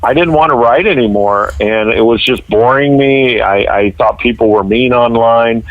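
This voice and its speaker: A man's voice: mid-range voice, moderate pace, no echo, narrow, tinny audio. A young adult man from Northern California, a guest writer telling stories animatedly on a podcast, acting out the voices of people he quotes. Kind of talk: casual podcast chat.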